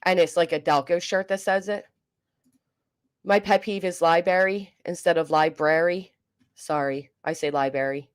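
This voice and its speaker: Coughing as she goes, a woman running a laid-back livestream reads out comments and makes blunt, profane jokes. Her voice is on the low side, at a moderate pace.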